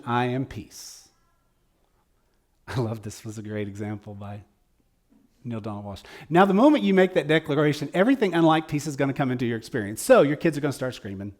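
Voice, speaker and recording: A man giving a conversational sermon at a church service, earnest and folksy, moving between loud emphasis and quiet asides. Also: a little high.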